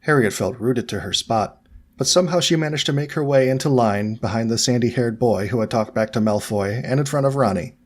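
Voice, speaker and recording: A man narrating a fan fiction audiobook in a steady, even storytelling manner. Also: medium pitch, fairly quick.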